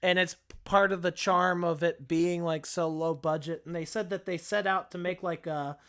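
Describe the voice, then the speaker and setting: Man, podcast co-host, casual film chat, halting, lots of fillers. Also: on the high side, fairly even intonation, fairly bright tone, clean tone. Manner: chatty, halting with restarts and fillers.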